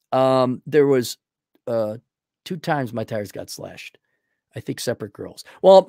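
A young man hosting a livestream, reading out donations and giving blunt, crude opinions, swinging from loud outbursts to low mumbling. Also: dry recording, clean studio sound. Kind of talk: casual opinionated monologue.

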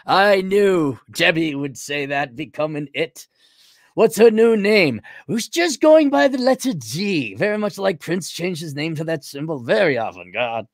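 A man's voice: fairly high pitch, very animated, a little slow, dry recording, studio quality. A man hosting a casual livestream, reading viewer donations aloud and riffing on them with sarcasm. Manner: sarcastic, rambling. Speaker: stream host reading donations.

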